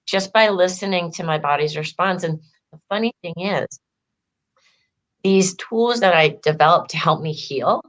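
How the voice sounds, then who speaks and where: Woman, interview guest, coach, fairly low voice, chatty, acts out quotes. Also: normal speed, fairly bright tone. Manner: chatty, heavy "like" fillers, acts out quoted dialogue. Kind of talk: casual interview storytelling.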